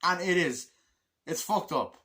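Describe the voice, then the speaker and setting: A man's voice: high-pitched, unhurried, bright, forceful tone. A man talks through a war film in a loose, unscripted monologue. He rambles and swears constantly, and fills his sentences with ums and likes. He laughs easily as he goes. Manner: rambling, full of fillers and profanity, laughs often. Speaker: film reviewer. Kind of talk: casual film review monologue.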